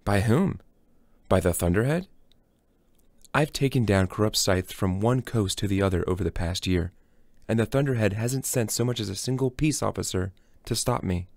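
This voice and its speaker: A calm, menacing young vigilante, read by a man in a low, even voice for an audiobook. He speaks in measured, cold tones, recorded dry and close. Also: dry recording, lightly acted.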